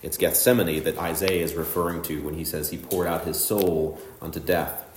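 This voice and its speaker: A man preaching a sermon, walking through a passage with measured, emphatic phrasing. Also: low voice, level tone, echoey room, a little hiss or hum. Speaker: pastor.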